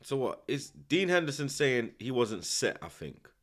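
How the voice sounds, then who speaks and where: A man with a London accent hosting a football watchalong, slangy and teasing, flaring up excitedly at the action from home. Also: mid-range voice, measured pace. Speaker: host. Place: at home indoors.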